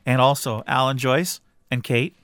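A man's voice: medium pitch, fairly even intonation, unhurried, a bit bright, dry recording, clean studio sound. Rambling easygoing man on a podcast. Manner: rambling, easygoing, restarts often. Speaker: podcast co-host. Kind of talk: casual home podcast chat.

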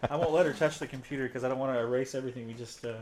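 A man's voice: mid-range voice, very fast, darkish tone, a little hiss or hum. A man hosting a podcast from a living room, chatting casually and joking around. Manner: jokey, chatty, rambling. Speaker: podcast host. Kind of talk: casual chat.

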